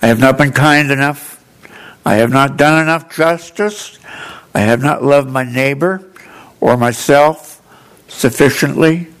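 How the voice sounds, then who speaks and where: A man with an audible speech defect reading aloud in church, telling a story in an earnest, gently humorous way. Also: mid-range voice, unhurried, rough recording. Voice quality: altered articulation from a speech defect. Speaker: lay reader in church.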